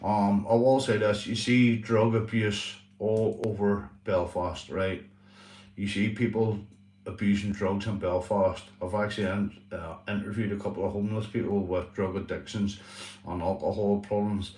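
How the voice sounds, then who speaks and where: A man's voice: fairly low pitch, fairly even intonation, moderate pace, darkish tone, echoey room, far from the mic, a little hiss or hum. A man hosting a casual livestream chat, talking earnestly and repetitively, swearing and calling his viewers "mate". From Northern Ireland. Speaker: livestream host.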